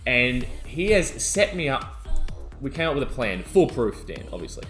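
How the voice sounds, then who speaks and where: A young adult man, co-hosting a podcast and telling a wild story in excitable casual chat. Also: mid-range voice, normal speed, faint music behind. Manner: animated, excitable storytelling, yelling out quoted lines. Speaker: podcast co-host.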